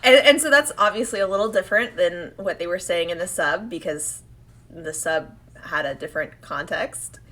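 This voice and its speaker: Bright-voiced woman recapping a cartoon. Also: on the low side. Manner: animated, acts out characters' lines in quick quotes. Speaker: podcast co-host. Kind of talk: casual chat recapping an episode.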